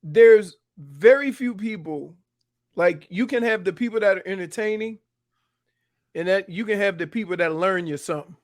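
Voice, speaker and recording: A man's voice: high-pitched, normal speed, no echo, clean studio sound. A man co-hosting sports talk radio, chatting casually and explaining his opinions.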